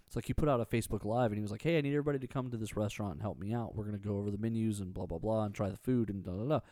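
A man with a mellow, dark voice recounting stories in relaxed conversation. He slips into quoted voices and laughs often. The sound is dry and close. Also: fairly low pitch, racing, no echo. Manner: animated storytelling, acts out quotes, laughs often. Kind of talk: casual chat.

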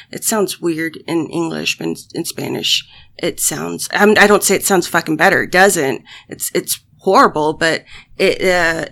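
Slow, gravelly woman telling a personal story. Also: fairly low pitch, fairly bright tone. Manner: halting, full of fillers and restarts, frequent swearing; emotional, sighing. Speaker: solo vlogger talking to her audience.

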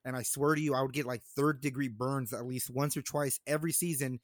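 A man's voice: medium pitch, fairly even intonation, brisk. Man casually telling haunt stories. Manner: laid-back storytelling with frequent laughs. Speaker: podcast co-host. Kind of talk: casual chat.

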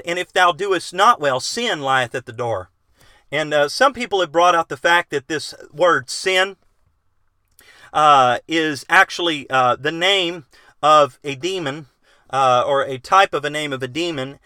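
A man's voice: fairly high pitch, expressive, measured pace, bright, forceful tone, no echo, clean studio sound. A middle-aged man preaching a bible lesson, reading scripture aloud and explaining it with earnest questions to his listeners. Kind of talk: bible teaching sermon.

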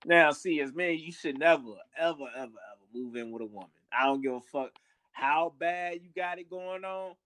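A man's voice: fairly high pitch, moderate pace, fairly bright tone, no echo. A young man co-hosting a family podcast in casual chat, blunt and profane, often repeating words as he starts a thought. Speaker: podcast co-host.

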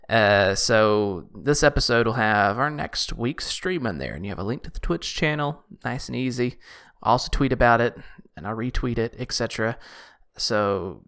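Man, podcast co-host, casual live chat, rambling, self-deprecating, animated, bright. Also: mid-range voice.

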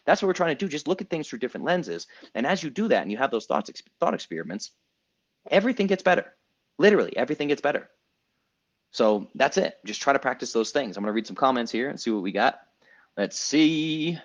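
Animated man coaching with lively emphasis. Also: mid-range voice, fast talker. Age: 30s. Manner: animated, emphatic, repeats himself, swears casually. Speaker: coach and podcast host. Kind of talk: group coaching call monologue.

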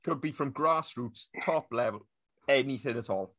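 A man's voice: medium pitch, moderate pace, fairly bright tone. A man hosting a football podcast who teases his guest and laughs often. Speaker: podcast host. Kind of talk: casual chat.

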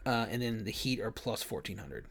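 A man's voice: fairly low pitch, animated, normal speed, a bit bright, slight background noise. A man co-hosting a podcast, chatting casually about sports, rambling, often laughing and restarting his sentences. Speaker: podcast co-host.

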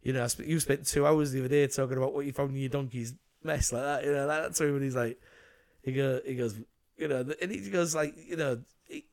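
Male co-host, casual film talk, rambling storyteller, mid pitch. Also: fast talker, vocal fry, darkish tone. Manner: rambling, retells scenes with quoted lines. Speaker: podcast co-host. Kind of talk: casual film review chat.

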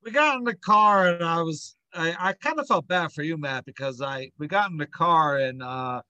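Man, candid podcast co-host, bright and fairly high, close dry mic. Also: normal speed, dry recording, lo-fi sound. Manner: candid, rambling with fillers and self-corrections. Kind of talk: casual chat.

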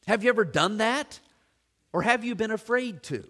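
A man's voice: high-pitched, lively intonation, moderate pace, fairly bright tone. A man preaching as a church pastor, earnest and questioning, piling up long lists and repeating his questions to the congregation. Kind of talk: sermon.

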